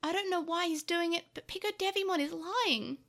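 A woman reading as a tiny loyal storybook creature, very high and bright, crying out in frantic desperation. his shrill pleading squeaks with a baby-like urgency. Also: moderate pace.

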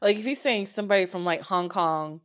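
A woman co-hosting a casual podcast chat, joking with quick interjections. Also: lowish voice. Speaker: podcast co-host.

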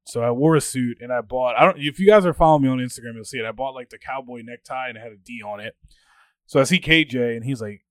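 Casting note: young male podcast co-host, animated storyteller, close dry mic, mid-range voice. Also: medium pitch, fast talker, no room sound. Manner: animated storyteller, acts out quoted friends. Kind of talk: casual chat.

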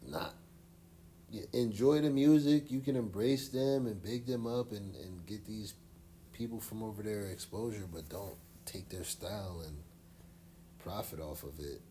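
Deep, mellow-voiced man chatting casually. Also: a little slow, slight background noise. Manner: laid-back, rambling, uses slang and fillers. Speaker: podcast co-host. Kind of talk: casual chat.

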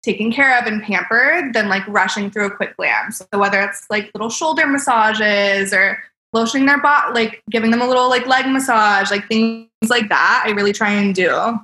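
Her voice is medium-pitched, pushed and bright, moving at normal speed with hardly a pause. She is a young celebrity makeup artist on a podcast, sharing stories in bubbly, casual chat full of "like" and frequent laughs, recorded with a roomy echo.

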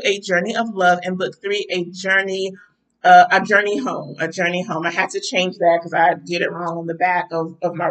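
A chatty woman hosting a casual podcast stream, her voice bright and forward. She sounds a little stuffy-nosed and talks loosely, with plenty of ums and a relaxed, familiar tone with her listeners. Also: medium pitch, low-quality recording. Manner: chatty, warm-spoken with frequent um and y'all. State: stuffy nose. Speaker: podcast host. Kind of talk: casual livestream chat.

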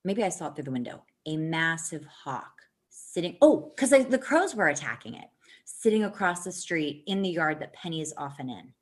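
A woman with a slightly low voice tells a story in a loose, chatty way. She swears freely, laughs easily and swings her voice up and down as she gets into it. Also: moderate pace. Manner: animated, profane, laughs often. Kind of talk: casual storytelling chat.

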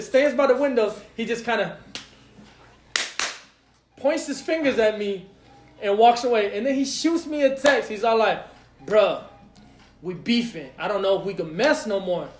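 A man's voice: high voice, moderate pace, long pauses, echoey room, faint music behind. A man hosting a podcast, telling a rowdy story in casual chat, acting out quotes with lots of profanity. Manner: animated, profane, acts out quotes. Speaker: podcast host.

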